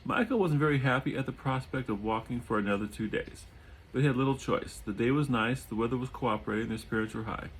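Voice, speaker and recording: A man reading a chapter of his own novel aloud at home, adding relaxed asides and often repeating or correcting words. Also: mid-range voice, quick pace, breathy edge, poor audio. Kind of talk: audiobook reading with casual asides. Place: home during a thunderstorm.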